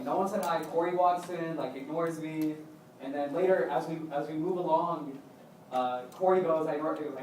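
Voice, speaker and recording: A young man casually telling a rambling story, animated, often acting out what others said. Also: on the high side, a little hiss or hum. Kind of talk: casual spoken anecdote. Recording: echoey room, mic from a distance.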